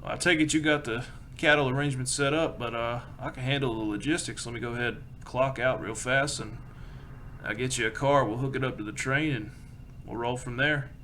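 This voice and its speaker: A man's voice: medium pitch, steady tone, brisk, bright, forceful tone, a little hiss or hum, close to an everyday voice. A man doing a crude, swearing young cowhand. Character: rough, friendly young male cowhand.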